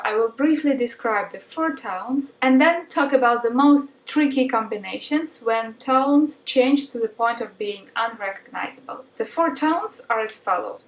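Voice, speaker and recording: A woman explaining lessons patiently and clearly as a language teacher. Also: fairly high pitch, echoey room, recorded from a distance, low-quality recording.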